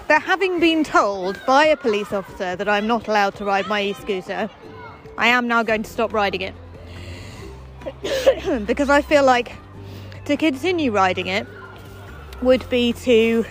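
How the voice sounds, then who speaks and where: A woman's voice: on the high side, poor audio. A woman hosting a daily walking podcast, chatting in a wry, self-deprecating way outdoors on a footpath. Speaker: podcast host. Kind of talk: casual chatty monologue while walking.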